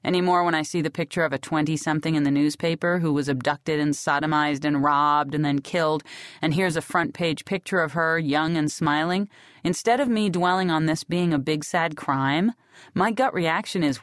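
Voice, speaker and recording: Woman audiobook narrator, low voice, sardonic deadpan reading, dry studio sound. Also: moderate pace, no room sound. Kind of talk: scripted first-person narration.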